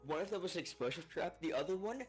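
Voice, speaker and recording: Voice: medium pitch, animated, fast, soft background music. Helpful teasing gamer on voice chat. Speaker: gaming friend on voice chat. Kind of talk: casual gaming chat.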